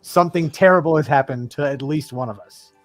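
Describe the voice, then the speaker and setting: A man's voice: fairly high pitch, a little fast, music in the background. A man playing a tabletop game, giving terse, wary in-character replies. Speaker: player. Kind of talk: casual tabletop play.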